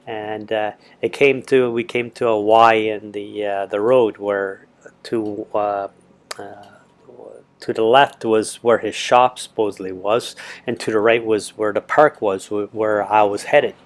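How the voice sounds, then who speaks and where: A man's voice: fairly low pitch, fairly even intonation, a little slow. Rambling man telling a travel story. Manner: rambling, many fillers and restarts. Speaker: travel vlogger. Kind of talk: casual storytelling.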